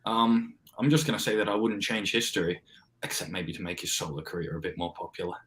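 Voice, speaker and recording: Stoic low-voiced man. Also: fairly even intonation, a bit bright. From Australia. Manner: stoic, measured. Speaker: co-host.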